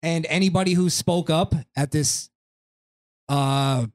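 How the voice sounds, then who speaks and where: A man's voice: on the high side, slow. A man hosting a podcast in casual chat, ranting with lots of swearing. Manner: animated, profane ranting. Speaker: podcast host.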